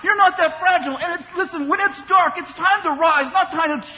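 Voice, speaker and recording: A man's voice: very high-pitched, a little fast, slight background noise. A man preaching a sermon with passion, often mocking the voices of complainers. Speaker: pastor. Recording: dull sound in a long-reverb hall.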